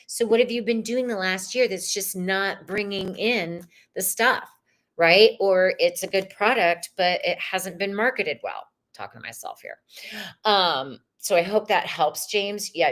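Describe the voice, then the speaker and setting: Slow-talking woman reading tarot live. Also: mid-range voice. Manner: casual, swears freely, reads chat questions aloud. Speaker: tarot reader.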